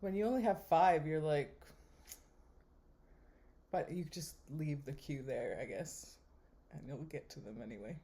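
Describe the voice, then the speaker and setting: A young woman giving wry, deadpan running commentary while swiping through a dating app. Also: sits low, measured pace, long pauses. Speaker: vlogger.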